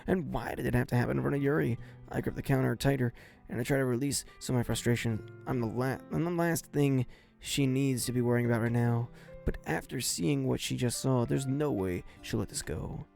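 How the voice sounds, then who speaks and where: A man's voice: mid-range voice, brisk, creaky, darkish tone, soft background music. A man streaming and reading a visual novel aloud, voicing the narrator in first person with a few stumbles.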